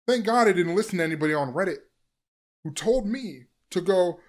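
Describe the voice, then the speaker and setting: A young man recounts a frightening encounter in a casual, profane storytelling voice. His pitch sits slightly high for a man, and he swings between loud, punchy bursts and hushed, dropped asides. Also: big pitch swings, normal speed. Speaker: vlogger telling a personal story.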